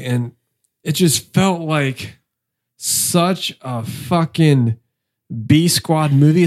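A man co-hosting a casual movie review podcast, joking crudely and telling animated stories between laughs. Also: on the high side. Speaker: podcast co-host.

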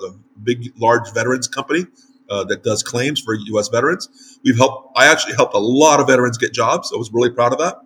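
Chatty American male host, lively anecdotes with frequent restarts, faint hiss behind him. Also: medium pitch. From United States. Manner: animated storytelling with frequent restarts. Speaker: show host and site publisher. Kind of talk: casual conversational interview. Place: home in northern Mexico.

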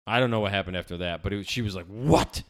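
Young American guy, low-ish voice, swears a lot, acts out the characters in his stories. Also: rapid-fire, clean tone. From United States. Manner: profane storytelling, animated quoted voices. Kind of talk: casual chat.

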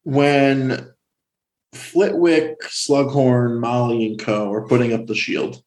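A man co-hosting a casual film discussion, talking with animated energy and dropping into silly voices. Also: mid-range voice, takes it slowly. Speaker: podcast co-host.

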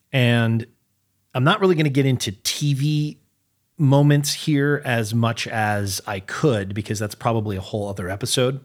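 Seorang pria pembawa podcast yang membahas film dengan gaya santai dan mengobrol, seolah berpikir sambil bicara. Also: male voice, fairly low pitch. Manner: relaxed, conversational, thinking aloud. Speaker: podcast host. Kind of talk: casual film talk.

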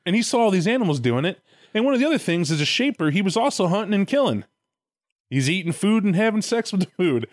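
A man spins a story in loose, profane chat, throwing himself into the telling. His voice sits a little high. The sound is dry and close, with no room around it. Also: fast talker, no echo. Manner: profane, animated, acts out voices in retellings.

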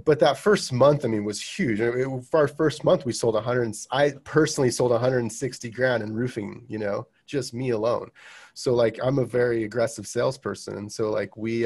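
A man's voice: medium pitch, a little mellow. A man in his thirties, a roofing business owner, talking as a guest in a casual podcast interview, full of restarts and fillers. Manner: halting, many restarts and fillers.

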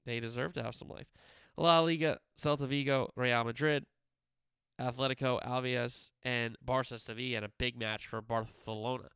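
A man's voice: medium pitch, a bit bright, clean tone, no echo. A young man runs through the weekend's fixtures in a loose, opinionated sports-show chat, tossing in slangy asides. His voice is very clean and resonant, recorded close and dry with no room sound. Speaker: sports podcast host. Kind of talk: casual sports preview chat.

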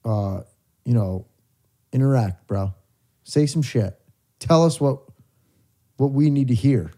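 A young man with a dark, mellow voice co-hosts a late-night podcast at a studio mic. He talks loosely and jokingly, swears often and trails off mid-thought, at an ordinary pitch for a man. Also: expressive, slow pace. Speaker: podcast co-host. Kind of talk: casual late-night chat.

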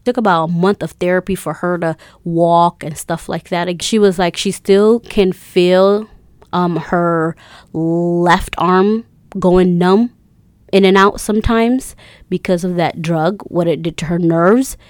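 A woman's voice: fairly low pitch, steady tone, measured pace, a little mellow, no echo. A woman casually retelling a story, chatty, with many fillers and quoted voices.

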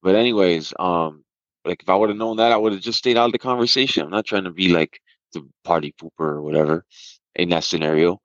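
A man's voice: low voice, quick pace, no echo, dull audio. A man who trades stocks, rambling through market talk and a party story, restarting sentences often. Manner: rambling, animated, restarts a lot. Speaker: podcast host and stock trader.

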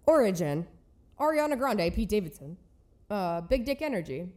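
A young woman in her twenties, co-hosting a podcast and telling a story in a lively, casual way with quick impressions. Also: medium pitch. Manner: animated, laughing, quick impressions in dialogue. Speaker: podcast co-host. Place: New York.

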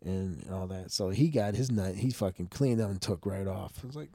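Gravelly, husky man rambling profanely. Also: sits low, normal speed, dark tone, no room sound, clean studio sound. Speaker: podcast host. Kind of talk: casual rambling monologue.

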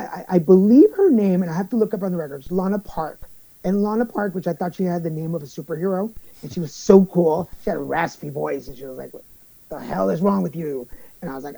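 A young man being interviewed, telling his story in a candid, animated way and acting out other people's lines. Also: sits high, no echo, low-quality recording. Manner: animated storyteller, acts out quoted voices, many restarts. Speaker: guest.

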